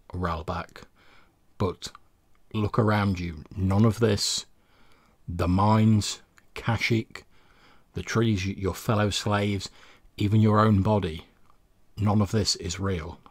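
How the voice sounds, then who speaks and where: A man voicing a scarred old robed man who speaks softly and gently. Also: lowish voice, unhurried, breathy edge, no echo. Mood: gentle. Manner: soft, gentle, calm. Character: soft-spoken scarred old man in a robe.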